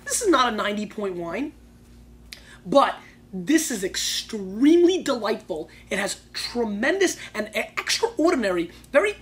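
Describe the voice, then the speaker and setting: On his wine tasting show, a man with a high voice reviews bottles with loud, excitable energy and plenty of slang, alternating hushed asides with bursts of shouting.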